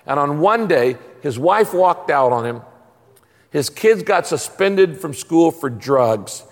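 A man preaching a sermon as pastor, emphatic and animated. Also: fairly high pitch, big-room sound.

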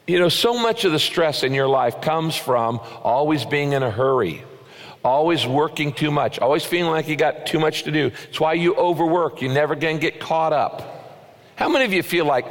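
A man's voice: a little high, lively intonation, moderate pace. Emphatic preaching man, long reverb. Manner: earnest, emphatic preaching with rhetorical questions. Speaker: pastor. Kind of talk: sermon.

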